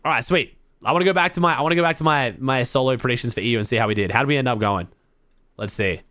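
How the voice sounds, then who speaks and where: A man with an Australian accent chatting casually to his live-stream viewers as he watches a tournament, excitable and swearing freely. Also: medium pitch, racing, no echo, studio quality.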